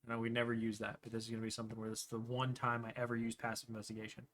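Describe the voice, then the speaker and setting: A man running a tabletop game as game master, narrating scenes in a meandering way and often pausing to search for words. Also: mid-range voice, completely flat delivery, a bit bright, slight background noise.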